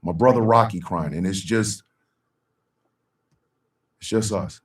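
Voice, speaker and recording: A middle-aged man hosting a live talk stream, speaking in a heartfelt, slow way with long dramatic pauses. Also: deep voice, fairly even intonation, recorded from a distance. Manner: bursts into a loud shouted sign-off. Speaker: show host.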